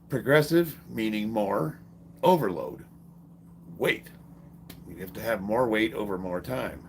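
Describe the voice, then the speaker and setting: A middle-aged man with a low, gravelly voice that rises and falls in lively swings as he spins profane, joking stories. He talks to his viewers like a strength athlete on a casual livestream. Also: slight background noise. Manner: profane, joking, animated storyteller. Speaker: strength athlete and fitness streamer. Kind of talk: casual livestream chat and storytelling.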